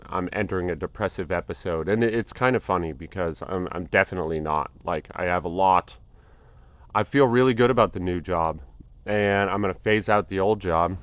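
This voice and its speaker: A man's voice: lowish voice, a bit bright. A tired man talking casually and reflectively over his workout, rambling with fillers and a self-deprecating tone. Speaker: fitness vlogger. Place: home gym.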